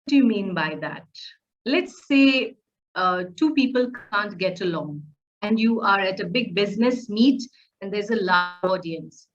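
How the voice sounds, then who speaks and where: A woman's voice: mid-range voice, lively intonation, unhurried. A woman teaching public speaking in a recorded lecture, asking rhetorical questions and often using fillers. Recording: slightly dull lo-fi audio.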